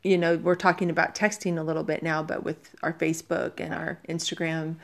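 A woman's voice: low voice, little pitch movement, fairly quick. A woman hosting a discussion, asking questions and affirming and summing up what her guests say. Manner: affirming, asks questions, sums up. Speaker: host. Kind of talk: hosted discussion.

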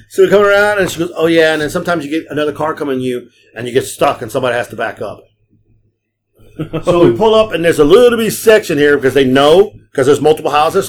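A man hosting a podcast, telling long profane stories in a casual chat and acting out the people in them. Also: on the high side. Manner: profane, rambling anecdotes; acts out quoted people. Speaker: podcast host and rideshare driver.

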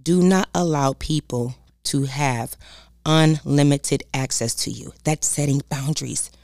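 A woman with a deep, darkish voice preaches about boundaries at a measured pace, emphatic and repetitive, talking directly to "y'all." It's a dry, clean studio recording.

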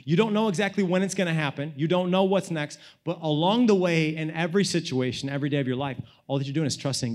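A young man preaching a sermon, telling a personal story in a casual, animated way that swings from loud to hushed, with lots of "like" and "you know". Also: fairly high pitch, fast talker, hardly any pauses. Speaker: pastor.

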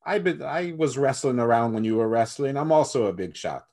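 A man putting on a deliberately bad Irish accent to play a brash, cocky male wrestler, loud and challenging. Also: mid-range voice, lively intonation, voice pushed up, close to an everyday voice. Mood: taunting. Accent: Irish, put on badly.

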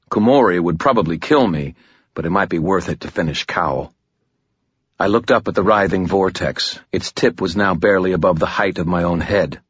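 A male narrator reads a first-person fantasy story in a deep, husky voice. His telling is tense and measured. The recording is dry and dull, with a lo-fi sound. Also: fairly bright tone, no room sound. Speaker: audiobook narrator.

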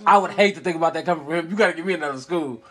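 A man in casual chat with quick banter, blunt and profane. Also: on the high side, fairly bright tone.

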